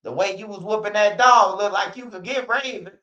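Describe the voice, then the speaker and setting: High-voiced guy ranting, blunt n profane, lots of slang, kinda muffled lo-fi audio. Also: moderate pace, bright, forceful tone. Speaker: streamer. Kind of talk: casual ranting commentary.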